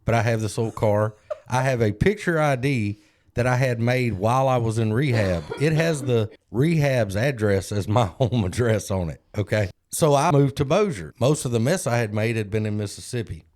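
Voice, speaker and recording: A man's voice: medium pitch, expressive, normal speed, a little mellow, slight background noise. A man, co-hosting a podcast and telling a candid, self-deprecating story in casual chat. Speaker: podcast co-host.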